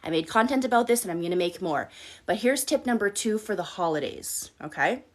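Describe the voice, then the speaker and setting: Woman, live-stream advice host, blunt, profane, direct, medium pitch, keeps asking "okay?". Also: lively intonation, brisk. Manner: addresses listeners with frequent "okay?" check-ins. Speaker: life coach and host.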